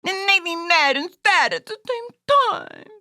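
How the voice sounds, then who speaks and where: A man doing squeaky excitable little girl Corona. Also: unhurried, no echo, clean studio sound, exaggerated voice. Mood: aggrieved.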